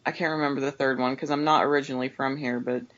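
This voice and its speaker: A woman who works overnight at a gas station appears as a podcast guest, telling a rambling, exasperated story about a customer. She speaks fast with fairly even intonation, restarts often, and her pitch jumps sharply when she mimics customers. The sound is lo-fi.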